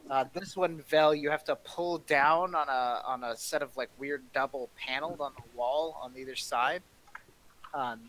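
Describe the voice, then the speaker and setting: A man running a tabletop game as dungeon master, describing the rooms in a loose, halting way. He sounds casual and unpolished. Faint hiss sits under his voice. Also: medium pitch, a bit bright, low-quality recording. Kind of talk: narrating a tabletop game over voice chat.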